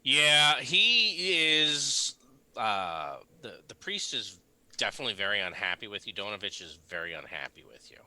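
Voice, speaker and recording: A man narrating as game master of a tabletop game, relaxed and rambling with fillers. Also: lowish voice, moderate pace, rough recording. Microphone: desk mic on a live stream.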